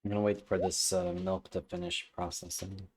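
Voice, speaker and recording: A man's voice: deep voice, moderate pace. A man casually talking to himself while streaming a farming game. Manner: relaxed, muttering to himself. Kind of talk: casual gameplay commentary. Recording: loud game music behind. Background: game music.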